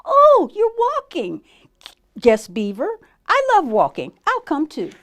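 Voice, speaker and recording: A cheerful storybook beaver, voiced by a woman sounds eager and keen. The voice is raised well above her own and bounces with excitement. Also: high voice, slow pace, pitched above the performer's own voice, exaggerated voice.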